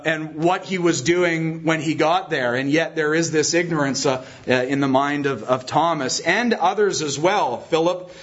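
A man's voice: a little high, a bit bright, muffled recording. A man preaching a sermon in an earnest, emphatic way, often restarting and repeating phrases.

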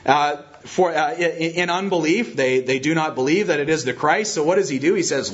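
A man's voice: a little high, a little fast, few pauses, husky, lo-fi sound. A man preaching a sermon in an earnest, emphatic way, often restarting and repeating phrases.

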